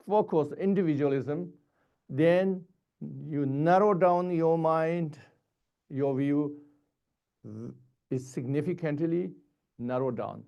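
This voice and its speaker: A man giving a Buddhist dharma teaching in short, halting, repetitive phrases. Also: fairly high pitch, dull audio.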